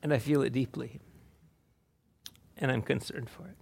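A man's voice: mid-range voice, normal speed, creaky, a little mellow, breathy edge. A man giving an earnest, heartfelt talk, his voice breaking with emotion and with laughter. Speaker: speaker at a conference. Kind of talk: informal talk.

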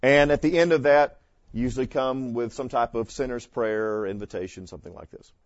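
A man's voice: mid-range voice, a little fast, no echo. A man teaching an evangelism class in a conversational lecture style, punchy and full of rhetorical questions. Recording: dull dry lo-fi lecture recording.

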